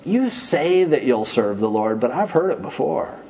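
A man's voice: medium pitch, very animated, moderate pace, darkish tone. A man voicing the leader Joshua as a stern, blunt elder warning his people.

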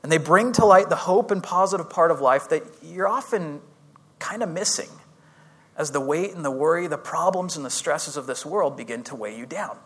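A man's voice: on the high side, animated, moderate pace, a bit bright, husky. A young man preaching as a youth pastor, telling a personal story in a casual, chatty, self-deprecating way with frequent restarts. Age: young adult. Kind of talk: sermon storytelling.

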